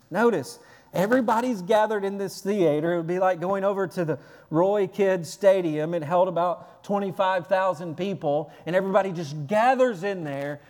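A man's voice: high voice, big-room sound. A male pastor preaching a sermon earnestly and energetically, often repeating and restarting phrases.

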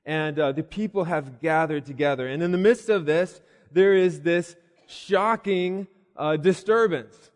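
A man's voice: on the high side, measured pace. A man preaching a sermon, telling the story vividly with voiced asides and hesitant restarts. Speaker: pastor. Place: church building. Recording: long reverb of a church hall.

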